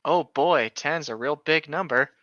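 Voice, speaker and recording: A young man with a bright, fairly high voice, trading sarcastic, profane jokes as a podcast co-host. His dull, lo-fi mic takes the top off the sound. The room sounds dry and close. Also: no echo. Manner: sarcastic, quick swearing jokes. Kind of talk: casual chat.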